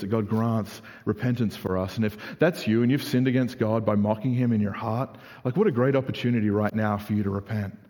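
A young adult man preaching a sermon in a casual, animated way, full of "like" fillers. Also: medium pitch. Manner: conversational, animated, frequent "like" fillers. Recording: reverberant hall.

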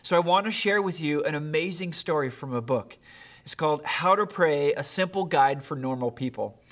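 A man's voice: fairly high pitch, expressive, moderate pace, fairly bright tone. A man preaching a sermon as a pastor, reading a story aloud in an earnest way, with many fillers and restarts.

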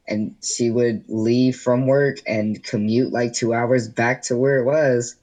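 A man's voice: mid-range voice, level tone, takes it slowly, darkish tone, low-quality recording. A man guesting on a podcast, telling a personal story candidly in casual interview chat, with lots of "like" fillers. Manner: candid storytelling, heavy use of "like".

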